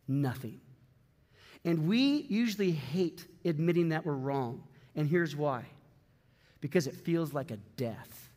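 A man preaching a sermon to a congregation, swinging from loud bursts to hushed, drawn-out words. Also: a little high. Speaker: pastor. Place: church sanctuary. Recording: long hall reverb.

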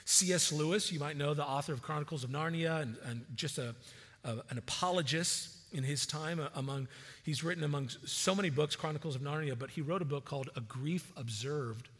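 A man delivers a sermon in a conversational, animated way, often restarting phrases with repeated words. His voice is bright and forceful and sits a little high. The sound rings with a long reverb from a large hall. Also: a little fast. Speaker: pastor.

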